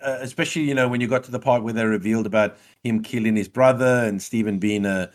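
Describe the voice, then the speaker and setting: Animated, swearing male podcast co-host. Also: lowish voice, fast talker. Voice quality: swears a lot, animated storytelling. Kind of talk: casual chat.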